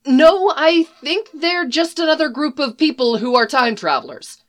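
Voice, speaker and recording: A woman's voice: sits high, animated, normal speed, voice pushed up. Lady doing a no-nonsense lady leader, firm and bossy. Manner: firm, commanding. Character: firm dark-haired woman leader, calm and commanding.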